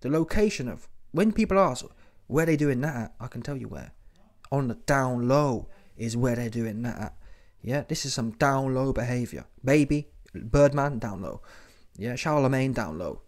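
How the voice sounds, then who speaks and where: Male host, mid-pitched, mocking slangy commentary full of "yeah?" tags. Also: animated, moderate pace. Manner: slangy, mocking, keeps tagging lines with "yeah?". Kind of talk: casual commentary.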